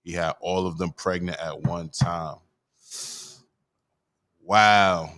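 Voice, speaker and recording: A man's voice: low-pitched, fairly even intonation, slow pace, fairly bright tone, no echo, studio quality. A male host in a casual chat show, talking in laid-back slang and reading viewer comments aloud.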